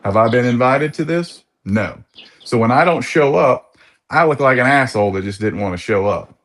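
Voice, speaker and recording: A man's voice: medium pitch, animated, normal speed. A man in his forties on a coaching call, telling his story in a frustrated way and often acting out what was said. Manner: frustrated, retells conversations. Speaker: coaching client. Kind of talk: casual call.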